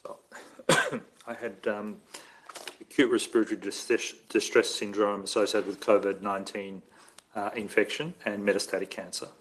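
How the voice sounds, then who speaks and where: A man's voice: lowish voice, little pitch movement, normal speed, slight background noise, poor audio. An Australian man giving expert medical testimony at an inquest, hesitant and correcting himself as he thinks aloud.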